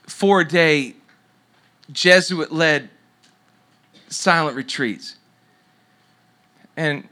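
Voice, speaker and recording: A middle-aged man preaches as a pastor, his slightly high voice pushed and bright. He tells a story in the sermon and lowers to a near whisper at tender moments.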